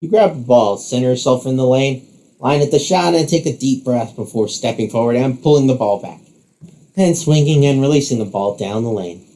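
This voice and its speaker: A man narrating a second-person story in a steady, descriptive way. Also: medium pitch, normal speed.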